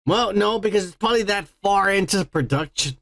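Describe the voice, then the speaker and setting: A man with a slightly high voice trades crude, teasing banter as he co-hosts a casual podcast. The sound is dry and close, with no room echo. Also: animated, a little fast, a bit bright. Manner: crude, teasing, paraphrases others in quotes. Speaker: podcast co-host. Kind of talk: casual profane nerd-news banter.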